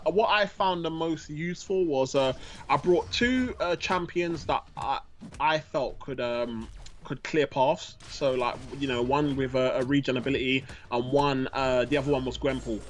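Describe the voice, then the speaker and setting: A man in his thirties keeps a relaxed, chatty gaming-stream conversation going. He reads viewer questions aloud, laughs often and slips "bro" and "man" into nearly every sentence. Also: mid-range voice. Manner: laughing, storytelling, says man and bro a lot. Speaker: co-host reading chat questions. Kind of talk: casual gaming chat.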